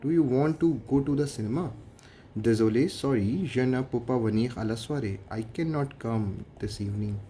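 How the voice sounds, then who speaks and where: A man's voice: medium pitch, moderate pace, dark tone, a little hiss or hum. A man with an Indian English accent, a French teacher explaining grammar methodically and translating each example line by line.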